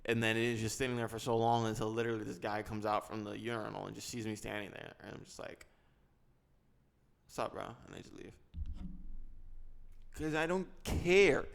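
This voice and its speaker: A man's voice: on the low side, completely flat delivery, fast talker, gravelly, few pauses, clean tone. A man hosting a casual solo podcast, rambling in a joking, self-mocking way. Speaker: podcast host.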